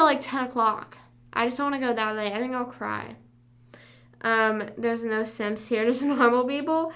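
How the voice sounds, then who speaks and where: A young woman rambles casually to her livestream chat. Her voice sits a little high and sounds bright and forceful. She wanders off topic and hums to herself between remarks. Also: steady tone, measured pace. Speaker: livestream host.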